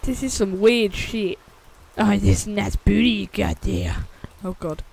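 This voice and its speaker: A woman's voice: mid-range voice, a little slow, vocal fry, darkish tone. A woman narrating a horror survival game as she plays, jumpy and swearing constantly, shrieking at scares. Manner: jumpy, swears a lot, shrieks when startled. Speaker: gaming channel host. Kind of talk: let's play commentary.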